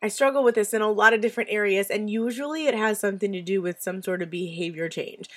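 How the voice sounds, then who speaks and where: Podcast host, woman, mid-pitched, hoarse and stuffy, casual and confiding delivery. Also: fast. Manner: chatty, self-deprecating, confiding. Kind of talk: casual solo podcast talk. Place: home in the US Southwest.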